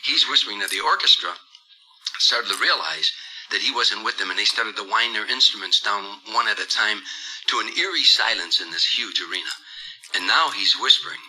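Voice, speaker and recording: A man's voice: lowish voice, animated, moderate pace, bright, forceful tone, husky, poor audio. An older man telling a vivid, dramatic story in an interview, acting out the quotes as he goes. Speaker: performer recounting a tour.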